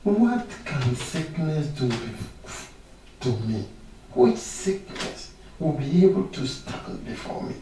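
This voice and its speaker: A man's voice: fairly high pitch, sing-song, slow pace, mellow, a little hiss or hum. A male pastor preaching a healing sermon, reading scripture aloud and declaring confessions of faith with rising emphasis. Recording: echoey room, mic at a distance.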